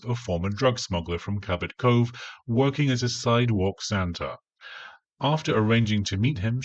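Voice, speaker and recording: A man's voice: fairly low pitch, no echo, lo-fi sound. A man reviewing an audiobook in a dry, sarcastic, scornful way. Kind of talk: spoken review.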